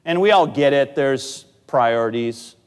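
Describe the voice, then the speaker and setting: Male pastor, sermon delivery, mid-pitched voice, loud emphases and quiet asides, hall echo. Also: expressive, a little slow, clean tone. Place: church sanctuary. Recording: long church hall reverb.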